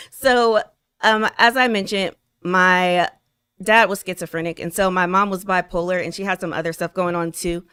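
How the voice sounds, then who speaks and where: A woman's voice: fairly low pitch, steady tone, normal speed, pushed and bright, clear, resonant tone, dry recording, clean studio sound. A woman guest on a podcast, candidly telling her life story in casual talk, leaning on "like" as she goes. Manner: open storytelling, many "like" fillers. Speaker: podcast guest, spiritual consultant.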